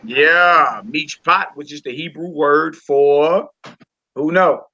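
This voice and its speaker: A man teaching a Hebrew reading class in a relaxed, informal way, talking to students while he works the screen. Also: fairly high pitch, slow pace. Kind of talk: casual online class lesson. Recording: lo-fi recording.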